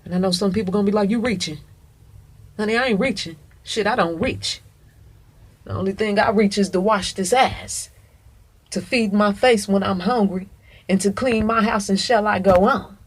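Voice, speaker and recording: Husky woman ranting emphatically. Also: mid-range voice, normal speed. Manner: emphatic, profane, calls listener "honey". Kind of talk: casual monologue to camera.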